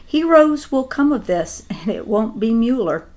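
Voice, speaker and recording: An emphatic woman co-hosting a political talk show, her voice sitting a little high. She chats in a conversational way, stressing her points and slipping in asides. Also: big pitch swings, measured pace, a little mellow. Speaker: co-host. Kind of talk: political commentary chat.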